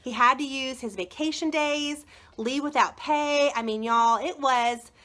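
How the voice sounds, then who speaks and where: A woman's voice: high-pitched, a little slow, pushed and bright. A woman selling children's books in a casual live-stream chat, gushing and enthusiastic and rambling with fillers. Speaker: children's book consultant.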